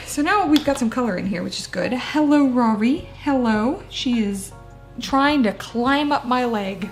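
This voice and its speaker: A woman's voice: a little high, lively intonation, unhurried, faint music behind. A woman chatting casually while she decorates a journal page, self-deprecating and laughing often. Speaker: booktuber. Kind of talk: casual chat while crafting.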